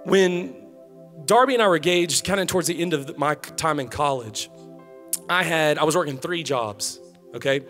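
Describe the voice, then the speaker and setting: A man in his thirties delivers a relaxed, conversational sermon to a young crowd, his voice sitting a little high. He mixes personal stories with direct, friendly advice. Soft music plays faintly underneath. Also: moderate pace. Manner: casual, conversational preaching with storytelling. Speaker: pastor.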